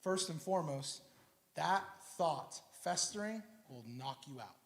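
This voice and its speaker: A man preaching a sermon as a pastor, in a casual, slangy and animated way. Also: on the high side, measured pace. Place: church sanctuary. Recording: echoey church hall.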